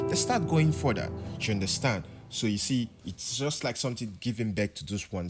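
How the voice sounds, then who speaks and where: A man teaching a piano lesson, explaining chords and now and then singing example words to show rising and falling pitch. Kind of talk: music tutorial.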